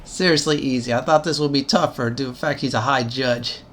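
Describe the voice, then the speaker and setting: A man's voice: mid-range voice, fairly quick, a bit bright. A man hosting a let's-play video, giving game commentary in a chatty, gleeful, rambling way. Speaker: gaming channel host.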